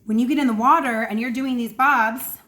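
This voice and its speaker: A woman swim coach giving a casual, energetic lesson to camera from home, acting out breaths and sounds as she explains. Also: a little high, a little fast. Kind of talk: casual instructional talk to camera. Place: at home indoors.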